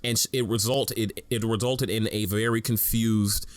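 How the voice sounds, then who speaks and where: A man's voice: on the low side, fairly even intonation, moderate pace, dry recording. A young man co-hosting a casual podcast, talking frankly in a rambling way and often correcting himself mid-sentence. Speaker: podcast co-host.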